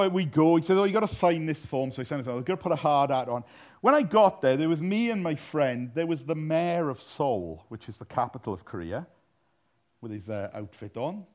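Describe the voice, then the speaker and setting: A male preacher delivers his sermon through funny, self-deprecating anecdotes. His voice sits a touch high for a man. He jokes freely with his listeners. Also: darkish tone. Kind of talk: sermon with storytelling.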